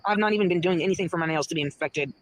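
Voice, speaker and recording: A woman's voice: fairly low pitch, rapid-fire, a little hiss or hum. A woman ranting and rambling profanely in casual livestream talk. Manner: profane, rambling, swings between muttering and shouting.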